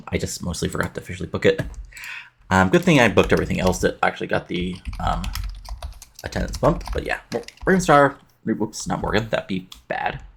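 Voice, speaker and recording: A man with a low, gravelly voice walks through his wrestling booking game in a loose, chatty recap. His tone is husky, and he rambles along with plenty of fillers and quick self-corrections. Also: fairly bright tone. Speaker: let's play narrator.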